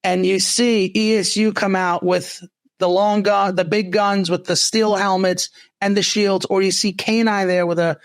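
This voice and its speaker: A former police officer co-hosts a casual talk show, speaking in a high, flat voice at a slightly slow pace, full of restarts and asides. The recording has no echo.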